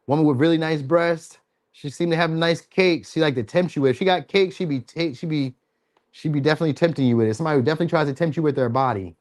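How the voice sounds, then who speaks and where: A man giving a casual tarot reading to his viewers, joking and swearing freely and sometimes jumping into high mock voices. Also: fast talker. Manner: loose, profane, joking delivery; slips into high-pitched mock voices when quoting. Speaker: tarot reader.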